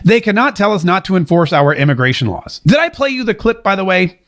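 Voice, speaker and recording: High-voiced American man hosting talk. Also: big pitch swings, a bit bright. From United States. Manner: sarcastic, joking, quick asides. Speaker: political talk show host. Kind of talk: casual opinion talk show, reading viewer comments.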